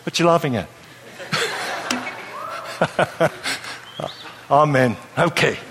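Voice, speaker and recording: Preacher with a light voice in a reverberant hall. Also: male voice, on the high side, very slow, noisy background. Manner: lively, playful, asks the audience questions. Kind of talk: sermon. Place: church hall with a live audience.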